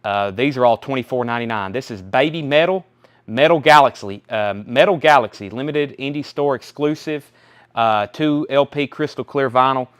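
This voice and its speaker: A man's voice: mid-range voice, normal speed, a bit bright, smooth. Chatty man hosting a live record sale. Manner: chatty, rattles off titles and prices. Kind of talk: casual live sales stream.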